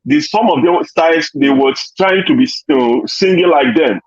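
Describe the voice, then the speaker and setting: A man's voice: a little high, normal speed, muffled recording. A man from Nigeria with a Nigerian accent, telling stories on a casual online panel call over video, full of "you know" fillers. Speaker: panel guest.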